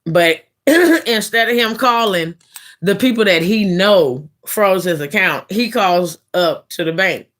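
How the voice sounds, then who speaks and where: A woman live streamer casually telling a story in a blunt, profane, animated way. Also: mid-range voice, slow pace.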